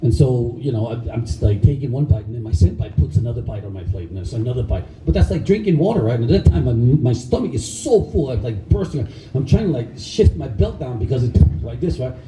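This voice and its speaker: A middle-aged man who is a karate instructor, telling animated stories to a live audience, laughing often and acting out the people he quotes. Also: medium pitch, fairly quick, few pauses, noisy background. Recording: echoey room, voice far from mic.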